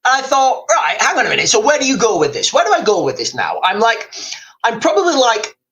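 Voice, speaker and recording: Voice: mid-range voice, wildly swooping pitch, fairly quick, a bit bright, low-quality recording. A livestreamer, chatting casually and reading comments aloud, rambling and often calling the audience guys. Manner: rambling, repeatedly addressing viewers as guys. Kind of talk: casual live-stream chat.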